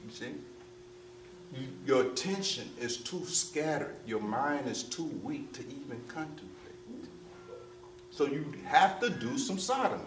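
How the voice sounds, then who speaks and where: In a very animated mid-range voice, a man speaks unhurriedly over background noise. He's a spiritual teacher before a gathered crowd, driving his points home emphatically and repetitively, asking "you see?" often and slipping into street slang. The roomy, distant mic catches faint ambience.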